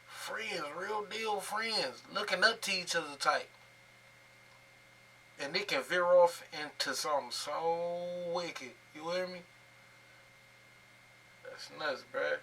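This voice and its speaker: A man's voice: fairly high pitch, slow, pauses often, pushed and bright, far from the mic, a little hiss or hum. Laid-back slangy man reacting to a video. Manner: laid-back slangy talk, frequent "you feel me". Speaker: reaction channel host. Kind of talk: casual reaction commentary.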